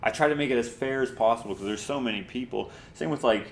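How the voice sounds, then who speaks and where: A man's voice: medium pitch, fast talker, creaky, roomy sound, a little hiss or hum. A man co-hosting a podcast in casual chat, easygoing and talking in long run-on thoughts. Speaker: co-host.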